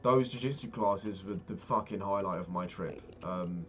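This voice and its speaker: Deep-voiced and moderately paced, this young vlogger rambles through a story while playing a game, cursing freely along the way. Faint music and the clatter of keyboard typing sit behind him.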